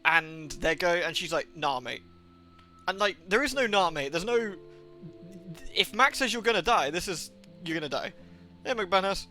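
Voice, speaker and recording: High, bright-voiced excitable male streamer. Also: moderate pace, faint music behind. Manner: excitable, sarcastic, swears freely. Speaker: game streamer. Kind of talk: casual gaming commentary.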